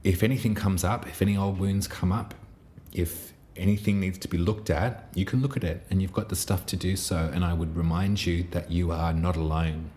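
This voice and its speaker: A man giving an intuitive tarot reading in a soft, reassuring, meandering way, pausing often and restarting his phrases. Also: deep voice, fairly even intonation. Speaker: tarot reader.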